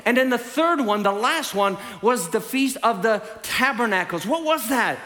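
A man with a Southern US accent from Tennessee, preaching an animated sermon with playful storytelling asides. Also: extremely high pitch, normal speed. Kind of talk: lively sermon. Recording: reverberant hall.

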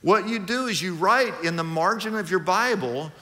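Animated preacher in a reverberant hall. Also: male voice, sits high, moderate pace. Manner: animated preacher, acts out both sides of conversations. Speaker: pastor. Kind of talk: sermon.

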